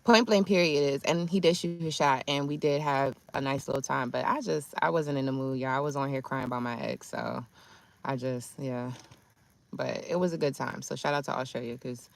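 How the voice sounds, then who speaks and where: A woman's voice: a bass voice, moderate pace, creaky. A woman in her thirties telling a chatty, slangy story to her livestream chat. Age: 30s.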